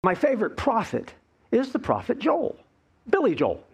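A male pastor preaching a playful, animated sermon, acting out the voices of complaining people. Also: extremely high pitch, normal speed, vocal fry, breathy edge.

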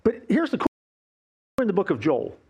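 A man's voice: high-pitched, huge pitch swings, moderate pace, darkish tone, husky. A middle-aged man preaching a sermon as pastor, conversational and joking.

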